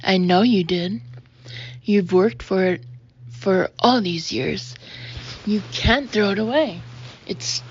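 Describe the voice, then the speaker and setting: A pushy male colleague pleads and presses in an audiobook scene, as a woman reads him out. The voice is husky and insistent, and the audio sounds muffled and dull. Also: mid-range voice, slow, long pauses. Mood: urgent pleading. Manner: urgent, pressing. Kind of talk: audiobook character reading.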